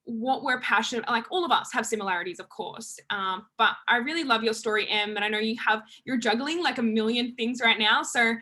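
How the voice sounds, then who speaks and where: A woman's voice: on the high side, fairly quick, hardly any pauses, sharp tone. A woman hosting a webinar over a video call, chatty and encouraging toward her guests. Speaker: webinar host.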